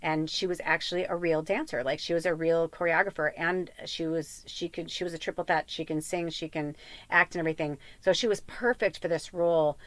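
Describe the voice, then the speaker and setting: A woman's voice: low-pitched, steady tone, brisk, no room sound. A middle-aged woman hosting a casual tarot reading podcast, talking in a rambling, heartfelt way full of fillers and asides. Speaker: tarot reader and podcast host.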